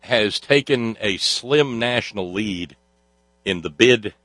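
A man's voice: fairly low pitch, slow, a bit bright, dry recording. A man hosting a talk show, delivering a sardonic monologue full of fillers and restarts. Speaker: host.

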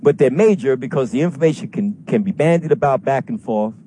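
A man calls in to a talk show and rants at length, heated, fired-up and swearing constantly. His voice is medium-pitched and warm, with lively intonation and a slightly fast pace, and there's slight background noise.

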